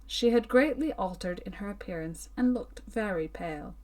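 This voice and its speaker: A woman reading a Victorian story aloud in slow, expressive audiobook narration. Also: medium pitch, distant mic. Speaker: audiobook reader.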